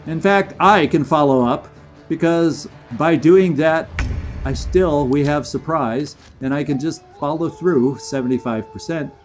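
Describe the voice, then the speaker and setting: A man streaming a video game, chatting and commentating as he plays, getting excited and laughing often. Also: on the high side, unhurried, faint music behind. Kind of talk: live gameplay commentary.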